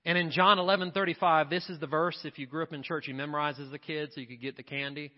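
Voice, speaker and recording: A man with a high, bright-edged voice preaches an impassioned sermon, piling up repeated refrains as he builds. The sound is dull and muffled, with a long reverb trailing off the church walls. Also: fairly even intonation, fast. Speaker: pastor. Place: church sanctuary.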